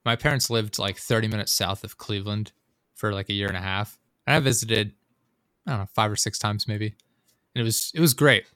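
A man's voice: on the low side, a little fast, fairly bright tone, no echo, studio quality. A young man in casual chat, telling a rambling, profane story full of fillers and asides.

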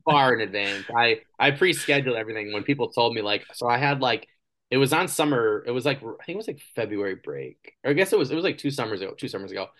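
A man's voice: mid-range voice, fast talker. A man in his thirties hosting an interview podcast, chatting casually and acting out the people in his stories. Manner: animated storyteller, acts out quoted people. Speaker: podcast host.

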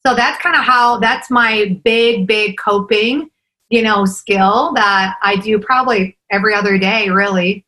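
A woman in her forties chats as a podcast guest, with a bright, forward voice. She talks eagerly and keeps checking in with "right?" between thoughts. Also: medium pitch, measured pace, low-quality recording. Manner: enthusiastic, fillers like "right?" and "like". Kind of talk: casual interview chat.

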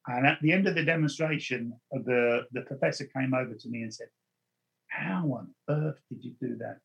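A man, a medium, telling stories and giving advice in an interview in an earnest manner, slowing down to stress his points. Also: medium pitch, vocal fry, a bit bright, slightly rough, lo-fi sound. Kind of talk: anecdotal storytelling in an interview.

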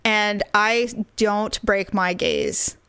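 A middle-aged woman telling a story in casual chat, animated and profane, acting out what people said. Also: mid-range voice, very slow, gravelly, clean tone, no room sound.

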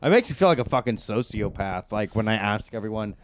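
Man, comedy podcast, sardonic quips, clear dry voice. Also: fairly low pitch, lively intonation, brisk, no room sound. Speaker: podcast co-host. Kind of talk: casual comedy chat.

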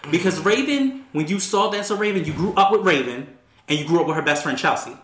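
A young man hosts a casual chat with a bright, high voice. He talks with animation and loose slang, often breaking into laughs. The room has a noticeable echo. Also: lively intonation, fast talker.

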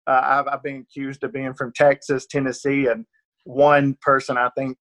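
This actor guest speaks at a moderate pace with a medium pitch, flat delivery, and a fairly bright tone, carrying the rural accent of Northeast Georgia. Answering interview questions, he's chatty and self-deprecating, often laughing and starting sentences over.

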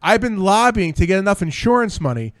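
A tipsy man hosting a podcast. He tells rambling, excitable stories and swears freely. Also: sits high, fairly quick, no echo. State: tipsy from drinks. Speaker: podcast host. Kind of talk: casual podcast chat.

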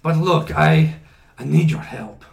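A man's voice: on the high side, measured pace, creaky, far from the mic, faint music behind. A man voicing a homesick male factory worker with broken English, talking melodramatically. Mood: pleading. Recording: roomy sound.

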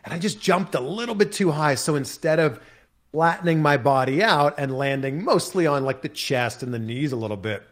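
An American man, a podcast guest, telling a story in lively detail with many fillers. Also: on the high side, normal speed. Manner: animated, vivid retelling with many fillers. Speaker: interview guest.

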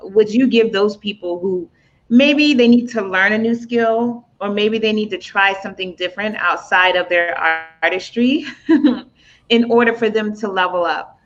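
A woman's voice: medium pitch, moderate pace. A woman hosting a casual interview, asking long, thoughtful questions with many fillers. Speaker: interview host. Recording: dull lo-fi audio.

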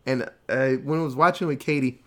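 A man's voice: medium pitch, brisk. Casual man retelling a movie plot. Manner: loose, animated retelling with many fillers and swearing.

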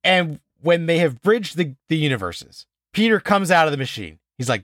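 A man co-hosting a podcast in casual chat, animated and exasperated, swearing freely and acting out scenes as he reviews an episode. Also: fairly high pitch, moderate pace, hardly any pauses, no room sound, studio quality.

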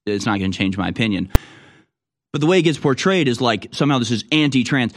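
Against a noisy background, a fast-talking man with a medium-pitched, lively voice hosts a political talk show. He reads out news stories, responds with indignation and ridicule, and mimics the people he quotes.

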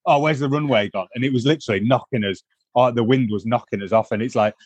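A man's voice: mid-range voice, quick pace, darkish tone, husky, dry recording, dull audio. A middle-aged man from northwest England, co-hosting a podcast and telling a rambling travel story. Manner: rambling, many fillers and restarts. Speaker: podcast co-host. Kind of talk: casual chat, storytelling.

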